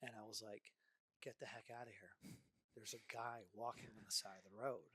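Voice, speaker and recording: A man's voice: fairly low pitch, fairly quick, husky, dry recording. A man as a podcast guest, telling a story casually, acting out voices and asking "right?" often. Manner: animated, acts out dialogue, frequent "right?".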